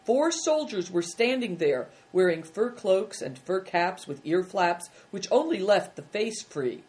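A woman narrating a children's story in a measured, expressive reading. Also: mid-range voice.

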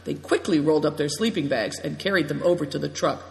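A man reading a story aloud as narrator, steady and plain. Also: a little high, fast talker, vocal fry. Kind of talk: audiobook narration. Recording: long reverb.

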